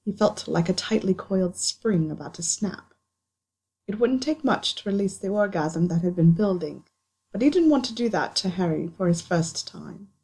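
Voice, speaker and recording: A woman reading a story aloud in calm, even narration. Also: mid-range voice, moderate pace, husky. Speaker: audiobook reader. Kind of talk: scripted narration.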